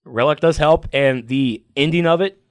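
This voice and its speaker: A man on a comic book podcast, chatting excitedly and emotionally, acting out scenes from the stories. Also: fairly high pitch, normal speed, clean tone, no room sound, clean studio sound. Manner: emotional, animated, acts out comic scenes in voices. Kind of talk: excited casual chat.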